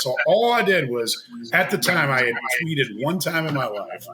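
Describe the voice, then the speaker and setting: A man telling a long personal story in casual chat as a podcast guest, animated and laughing, acting out what others said. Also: fairly high pitch, moderate pace, hardly any pauses, noisy background. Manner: animated, laughing, acts out quoted voices.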